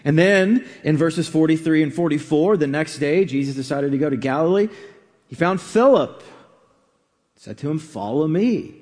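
Male preacher, high voice, relaxed conversational sermon delivery with ums and restarts, hall reverb. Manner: conversational, unhurried with fillers and restarts.

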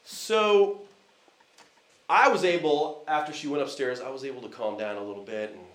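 A man's voice: mid-range voice, normal speed, a bit bright. A man preaching a conversational sermon from the United States, telling a family story with frequent fillers and restarts. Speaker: visiting preacher. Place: church hall. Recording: echoey church hall.

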